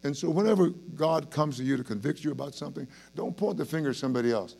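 A man's voice: on the high side, fast, gravelly, darkish tone. A man preaching an evening Bible study sermon, earnest and emphatic, with rhetorical questions and frequent restarts. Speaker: pastor.

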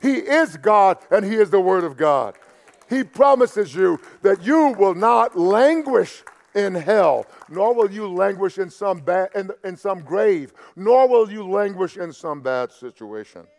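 A man preaching a sermon to a church and online audience. He talks conversationally, stammers and repeats himself, and swings from loud emphasis to quiet asides. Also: high-pitched, lively intonation, unhurried, creaky. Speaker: pastor. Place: church sanctuary. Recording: long hall reverb.

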